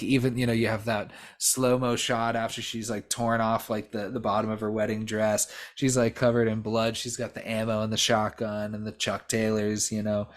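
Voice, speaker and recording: A man co-hosting a podcast, chatting casually about a horror film, rambling with many fillers, restarts and swear words. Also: on the low side. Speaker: podcast co-host. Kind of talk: casual movie discussion.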